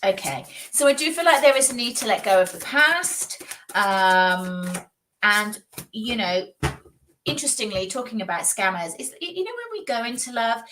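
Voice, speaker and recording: A woman chats her way through live psychic readings on a stream, rambling and animated with frequent laughs. She sits a little back from the microphone, and a faint noise runs underneath. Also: a little high, normal speed, far from the mic. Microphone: video call.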